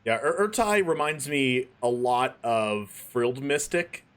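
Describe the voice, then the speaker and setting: A man's voice: medium pitch, a little slow, fairly bright tone. Chatty male streamer on color commentary. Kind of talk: live game commentary.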